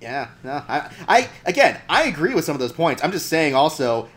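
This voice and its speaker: A man's voice: fairly high pitch, big pitch swings, a little fast, fairly bright tone. A man co-hosting a casual podcast chat about movies, thinking aloud with lots of fillers. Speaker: podcast co-host.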